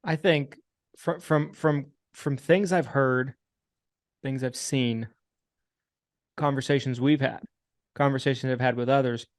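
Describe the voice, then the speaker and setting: A man hosting a casual podcast, talking in a measured way, repeating himself and laying out points one by one. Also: medium pitch, no echo, studio quality. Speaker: podcast host and insurance agent.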